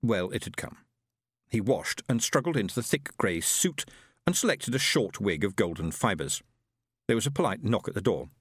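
A man narrating a science fiction audiobook in a measured storytelling manner with lively inflection. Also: fairly low pitch, husky, no room sound, studio quality.

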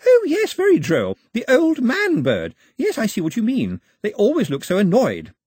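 A man voicing a prim, excitable, well-spoken young girl who speaks high and with emphasis. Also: breathy edge, no echo, studio quality, exaggerated voice. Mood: delighted. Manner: high and emphatic, slow deliberate words when teaching.

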